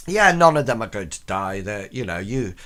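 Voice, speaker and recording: Animated rambling game master, bright voice. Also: male voice, lowish voice, moderate pace. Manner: rambling, many fillers. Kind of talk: narrating a tabletop game.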